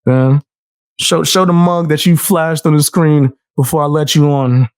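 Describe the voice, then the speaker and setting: A young man streaming, talking in brash, profane trash talk and laughing often, with his voice jumping sharply higher when he mocks someone. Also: unhurried, clear, resonant tone, dry recording. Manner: animated, jumping sharply high when mocking. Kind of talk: casual stream commentary.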